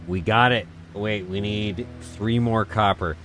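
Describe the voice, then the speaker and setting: A man's voice: lowish voice, fairly even intonation, slow pace, fairly bright tone. A man streaming a video game, rambling to himself with casual commentary and frequent chuckles. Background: music.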